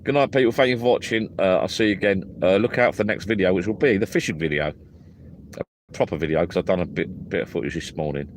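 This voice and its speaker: A man's voice: low-pitched, steady tone, quick pace, slight background noise. A tired man, chatting rambly and drowsily on a live stream from inside a small tent at a lake at night. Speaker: fishing vlogger. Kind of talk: casual live-stream chat.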